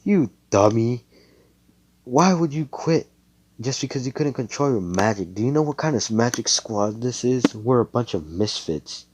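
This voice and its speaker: A man's voice: mid-range voice, normal speed, hardly any pauses, husky, voice pushed up, lightly acted. A man voicing a brash young male squad member who teases and scolds a friend. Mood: scolding.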